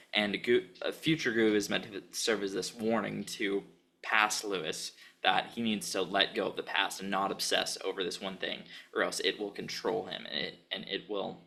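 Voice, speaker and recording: Gravelly-voiced man gushing on a podcast. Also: fairly low pitch, bright, forceful tone. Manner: enthusiastic, giggly, rambling with restarts. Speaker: podcast co-host. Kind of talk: casual chat.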